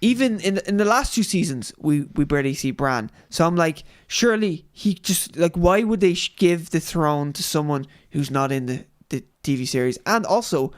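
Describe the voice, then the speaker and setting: A man co-hosting a casual podcast chat, animated and joking, swearing freely. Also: on the high side. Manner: animated, swearing, quick to joke and mimic. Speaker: podcast co-host.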